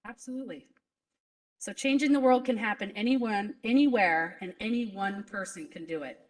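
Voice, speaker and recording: A woman's voice: medium pitch, normal speed, recorded from a distance, rough recording. Emotional woman principal giving a speech. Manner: earnest, motivational, emotional. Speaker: school principal. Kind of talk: graduation speech. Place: school graduation ceremony.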